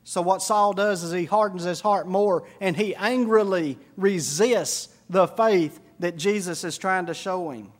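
A middle-aged man preaching a sermon, telling stories and swinging from hushed to shouting. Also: high voice, unhurried, few pauses. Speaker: pastor.

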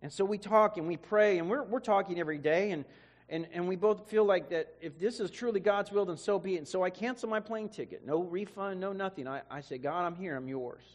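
A man preacher tells an emotional testimony and often repeats words as he speaks. His voice is somewhat high for a man. A long reverb from a big hall hangs behind him. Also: fairly quick. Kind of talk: sermon testimony.

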